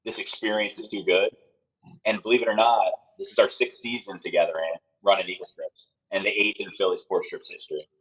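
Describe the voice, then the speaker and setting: A man who runs a sports travel company, a guest on a talk show, chatting in a steady, upbeat promotional way. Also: low-pitched, a little fast, slightly rough. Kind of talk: casual interview chat. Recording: muffled lo-fi sound.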